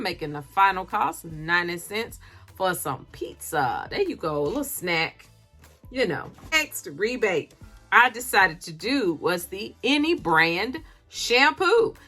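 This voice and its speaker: Chatty woman with a bright, lively voice. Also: medium pitch, a little slow, soft background music. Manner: chatty, laughs often, calls viewers honey and y'all. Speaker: couponing vlogger. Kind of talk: casual haul chat. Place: home, recording late at night.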